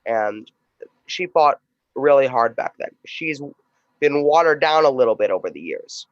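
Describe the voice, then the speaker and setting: A man's voice: medium pitch, animated, measured pace, no echo. A man hosting a show, casually setting up video clips and talking loosely with some restarts. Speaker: show host. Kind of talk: casual commentary introducing clips. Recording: dull dry lo-fi sound.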